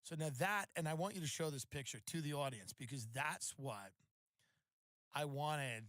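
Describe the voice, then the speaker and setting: A man's voice: a little high, moderate pace, fairly bright tone, no room sound. A man hosting a podcast, telling comedic stories in a sardonic, mock-outraged monologue. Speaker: podcast host.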